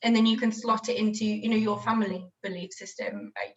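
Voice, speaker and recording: A woman's voice: on the high side, fairly even intonation, fairly quick, recorded from a distance, lo-fi sound. A woman podcast host on a video call, reflecting on what her guest said and summing up the lessons. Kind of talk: casual interview chat.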